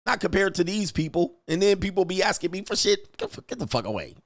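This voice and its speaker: A man's voice: high voice, sing-song, fast, gravelly, no echo, clean studio sound. A man hosting a livestream, ranting with constant swearing and mocking asides, reading chat messages aloud. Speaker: livestream host. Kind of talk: profane ranting commentary.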